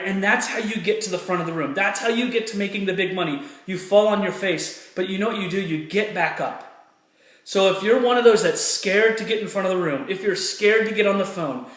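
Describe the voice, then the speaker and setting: A man's voice: high-pitched, a bit bright, roomy sound. An earnest man giving a motivational talk to camera, telling a personal story and repeating phrases for emphasis. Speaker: motivational speaker.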